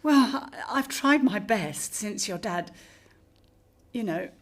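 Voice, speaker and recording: A woman's voice: medium pitch, expressive, takes it slowly. An actress playing a middle-aged mother who fusses over her daughter in a doting, teary way in a radio drama. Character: fussy emotional widowed mother.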